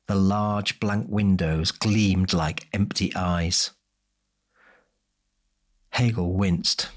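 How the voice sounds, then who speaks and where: A man narrating a fantasy audiobook in a measured, descriptive way. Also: sits low, breathy edge. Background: faint music.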